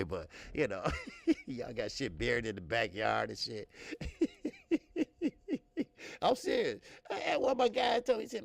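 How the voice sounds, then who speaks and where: Gravelly, lively-pitched man hosting boxing talk. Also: moderate pace, long pauses, dry recording. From American Midwest. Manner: loose, profane, laughing, talks straight to viewers. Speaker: boxing talk show host. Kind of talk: casual live-stream chat reading comments.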